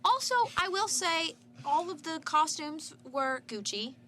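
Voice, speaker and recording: A woman's voice: sits high, expressive, measured pace, pushed and bright, a little hiss or hum. Blunt punchy young woman reviewer. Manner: blunt and punchy, lists verdicts in short bursts, swears. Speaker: film reviewer. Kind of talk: casual film review chat.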